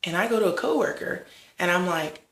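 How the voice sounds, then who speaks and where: Devotional vlog host with vocal fry, chatty and easygoing, recorded with a roomy echo. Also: mid-range voice, brisk, fairly bright tone. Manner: conversational, frequent "like" and "right?". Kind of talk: casual devotional talk.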